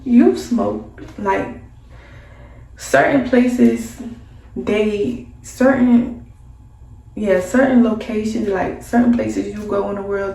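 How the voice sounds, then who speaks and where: Gravelly-voiced woman telling a casual story. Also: mid-range voice. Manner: animated, slangy, acts out voices. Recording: echoey room, mic at a distance, faint background hum.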